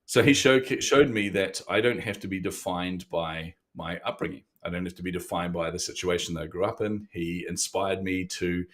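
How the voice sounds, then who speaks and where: A man's voice: deep voice, normal speed, few pauses, fairly bright tone. A fifty-something man from New to match. He tells his own story as a podcast guest, candid and self-deprecating, often laughing at himself. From New Zealand. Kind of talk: interview storytelling.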